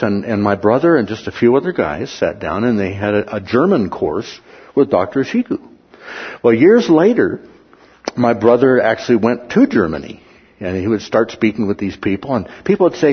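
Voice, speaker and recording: A man preaching a sermon, telling stories with lively asides and reading scripture aloud. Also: medium pitch, normal speed, husky, lo-fi sound. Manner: animated storytelling with asides.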